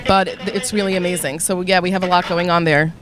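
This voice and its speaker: A woman guest on a radio show, chatting agreeably in quick short replies, recorded live in a busy store. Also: fairly low pitch, fairly even intonation, over music. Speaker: magazine guest. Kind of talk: casual chat. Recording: faint store noise behind.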